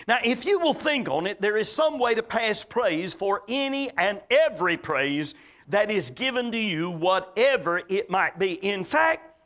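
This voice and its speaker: Southern guy preaching, folksy storyteller, high bright voice. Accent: Southern American. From American South. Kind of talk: sermon.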